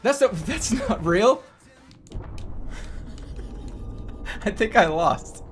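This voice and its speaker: Excitable male streamer in his thirties, higher voice with wild swings, jokey delivery. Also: drawn-out words, faint music behind. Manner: excitable, joking, swings from mumbling to shouting. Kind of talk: casual gaming stream commentary.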